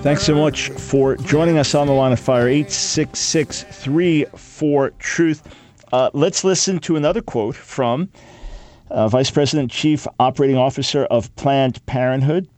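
A man's voice: medium pitch, darkish tone, dry recording. A man hosting a radio talk show, giving sarcastic commentary with mock gasps and frequent restarts.

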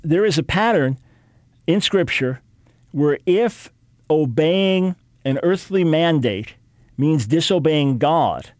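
A man's voice: medium pitch, darkish tone, dry recording. A man hosting a talk radio show, teaching in an emphatic, preacherly way and repeating key phrases for weight.

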